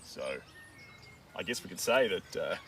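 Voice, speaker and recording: A man chats on a live stream as he paints, rambling and joking while he thinks aloud. His voice sits low, and he is picked up from some distance by the mic. Outdoor sounds, with birds and a rural backdrop, come through clearly behind him. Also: lively intonation, measured pace, noisy background.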